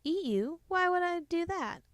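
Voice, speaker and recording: A shrill, sly storybook witch, high and teasing, cackling through her words, as a woman reader puts her on. Her voice is sharp and raised, close and dry with no room around it. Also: lively intonation, a little slow, no echo. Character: shrill cackling wicked witch mother, playful. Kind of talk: storybook read-aloud.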